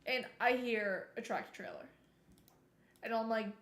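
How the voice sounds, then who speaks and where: A woman streamer telling a story in a casual, animated way while she plays, now and then breaking off to remark on the game. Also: on the high side, moderate pace. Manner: chatty, animated retelling, breaks off to comment on the game. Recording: roomy echo.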